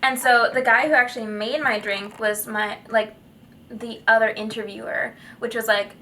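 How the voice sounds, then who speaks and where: Bright-voiced young woman, chatty vlogger. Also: a little high, fairly even intonation, moderate pace, far from the mic. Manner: chatty, giggly, lots of fillers. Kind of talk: casual storytelling.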